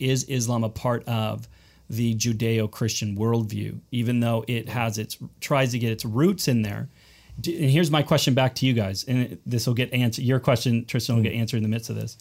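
A man teaching in a relaxed panel talk, explaining patiently and often restarting his words. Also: mid-range voice. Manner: explanatory, repeats words at starts. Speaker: sermon series teacher.

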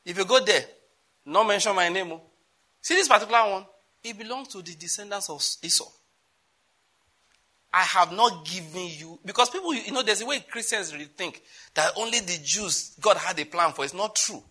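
Male preacher, husky and bright, lively high delivery. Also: normal speed. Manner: animated, shifts from loud exclamations to quiet asides. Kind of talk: sermon.

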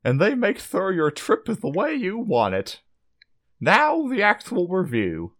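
A man on a comedy podcast reading reviews aloud in a deadpan voice with mock enthusiasm. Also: high-pitched, measured pace. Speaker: podcast co-host.

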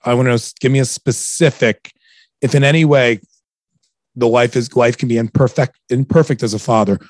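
Man, thirties, casual podcast host, joking, rambling, stumbles over words, mid pitch, dry close sound. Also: fairly even intonation, fairly quick, a little mellow, no room sound. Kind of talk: casual chat.

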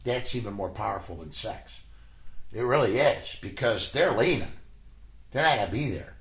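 A man who works in hospice, telling earnest, animated stories as an interview guest and acting out the voices he quotes. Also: fairly low pitch, moderate pace. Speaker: hospice worker and spiritual guide, interview guest. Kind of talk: conversational storytelling. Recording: echoey room with faint ambience.

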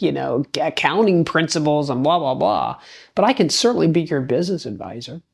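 A middle-aged woman hosting a talk show, telling a personal story in a conversational, energetic way and acting out the dialogue she quotes. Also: deep voice, vocal fry, husky. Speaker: podcast host.

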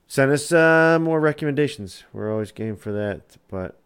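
A man's voice: medium pitch, lively intonation, normal speed, clear, resonant tone. A man co-hosting a podcast in casual late-night chat, joking and teasing in a laid-back way. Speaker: podcast co-host.

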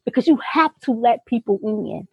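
A woman's voice: fairly high pitch, normal speed, vocal fry, husky, no echo. A woman co-hosting a podcast, talking earnestly and expressively in a casual, heartfelt conversation. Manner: earnest, expressive, folksy asides. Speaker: podcast co-host. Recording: tinny phone-like sound.

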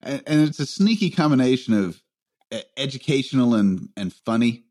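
A man's voice: medium pitch, expressive, normal speed, darkish tone. A man hosting a podcast in casual chat, self-deprecating and chuckling as he talks. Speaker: podcast host.

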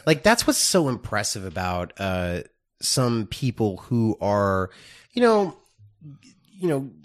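A man co-hosting a casual movie podcast, rambling and halting, with many fillers. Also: on the low side, big pitch swings. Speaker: podcast co-host. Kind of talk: casual film review chat.

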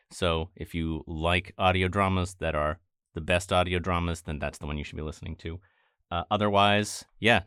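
A man from Maine chatting casually as a podcast guest, quick and joking, with a habit of swearing. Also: deep voice, a bit bright, clear, resonant tone, no echo, clean studio sound. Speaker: podcast guest, audio editor. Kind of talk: casual chat.

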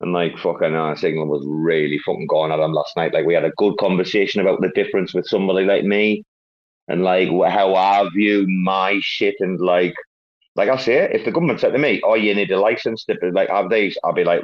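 A man's voice: low-pitched, fairly even intonation, a little fast. A man hosting a casual online chat, rambling and swearing through banter. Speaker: host. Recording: dull lo-fi online audio.

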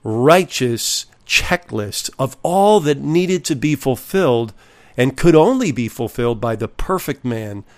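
A man preaching a sermon, reading scripture and stressing key phrases in a slow, deliberate delivery. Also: mid-range voice, lively intonation. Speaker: pastor.

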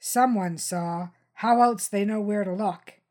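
A woman's voice: mid-range voice, unhurried, darkish tone, close to an everyday voice. A woman voicing a wary young man living on the streets who gives blunt, worried warnings.

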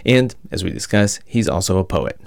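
A male reporter reading scripted narration in a measured way. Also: low-pitched, animated, gravelly, no echo, studio quality. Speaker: radio reporter.

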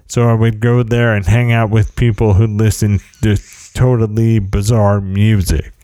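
A man tells a long, wry story at an unhurried pace. His voice is smooth and resonant. He keeps breaking off mid-sentence and restarting, and the sound is dry and close. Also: lowish voice, flat delivery, mellow, dry recording. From United States. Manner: rambling, self-interrupting, wry and humorous. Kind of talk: casual storytelling anecdote.

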